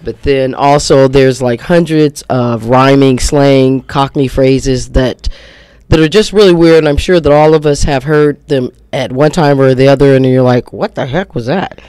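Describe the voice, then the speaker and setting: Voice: mid-range voice, steady tone, a little slow, darkish tone, clear, resonant tone, dry recording. A radio co-host chatting casually, thoughtful, searching for words and laughing easily. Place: radio studio.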